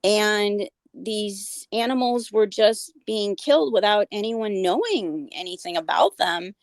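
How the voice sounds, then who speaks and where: Earnest woman with a gravelly edge. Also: medium pitch, dry recording. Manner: earnest, many fillers and restarts. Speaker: guest, animal advocate. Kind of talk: casual interview conversation.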